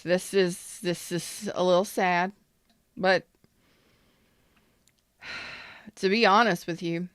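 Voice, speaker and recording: A woman hosts a casual live-streamed tarot reading, speaking in a smooth, clear voice. She talks bluntly, swears now and then, and greets viewers by name. The sound is dry and close, with little room echo. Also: fairly low pitch. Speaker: tarot reader.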